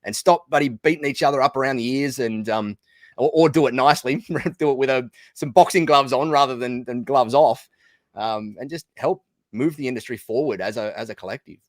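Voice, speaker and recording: A man with an Australian accent, talking quickly and energetically as a guest in a casual podcast conversation, often restarting his sentences. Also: medium pitch, no echo. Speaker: guest, business community founder.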